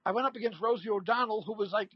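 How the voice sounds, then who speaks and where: A man in his sixties spins comic anecdotes in an animated, high-pitched voice, jumping into the voices of the people he quotes. The audio is dull and lo-fi, with a dry, close sound. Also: very fast, dry recording. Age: 60s. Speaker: comedian guest. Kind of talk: storytelling in a casual interview.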